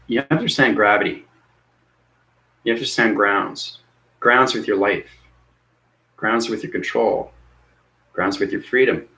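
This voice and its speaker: A man's voice: lowish voice, fairly bright tone, poor audio. A man talking earnestly and rambling about spiritual ascension, often repeating himself. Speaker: spiritual teacher. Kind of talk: unscripted spiritual talk.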